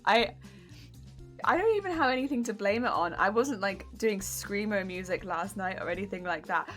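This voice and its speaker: A woman craft streamer chatting casually on a live stream while hoarse, her wheezy voice cracking as she talks. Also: mid-range voice, lively intonation, normal speed, a bit bright, faint music behind.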